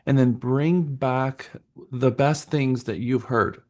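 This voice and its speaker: A man's voice: mid-range voice, fairly even intonation, takes it slowly, darkish tone. A man leading a live real estate workshop and giving instructions to participants, talking in a directive, stop-and-start way with fillers.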